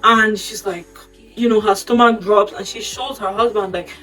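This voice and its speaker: Woman, storytime recap, gossipy and animated, faint background music. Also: mid-range voice, normal speed, far from the mic, rough recording. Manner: gossipy, animated, acts out quoted lines. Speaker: storytime host.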